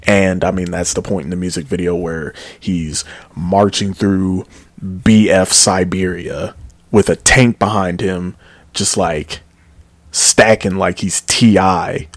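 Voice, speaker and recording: A man with a deep, low voice talks through a music review in a loose, rambling way, full of fillers and self-corrections. He sounds enthusiastic about the music. The sound is dry and close, with no room echo. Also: fairly even intonation, slow. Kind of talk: casual album review.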